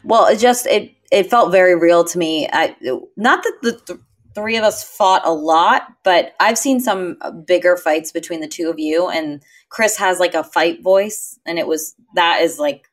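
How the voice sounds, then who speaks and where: A woman's voice: fairly low pitch, normal speed. A woman guest on a casual podcast, rambling and laughing through her stories. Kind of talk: casual chat.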